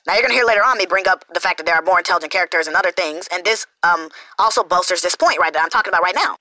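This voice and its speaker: A woman's voice: fairly low pitch, racing, pushed and bright, dry recording, rough recording. A young woman hosting an unscripted response video, rambling and correcting herself as she talks. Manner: rambling, self-correcting, frequent laughs. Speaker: YouTube reaction host.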